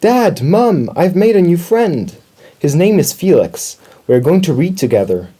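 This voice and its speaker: A man voicing an excited little boy mouse in a children's storybook, eager and polite. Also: medium pitch, moderate pace, breathy edge.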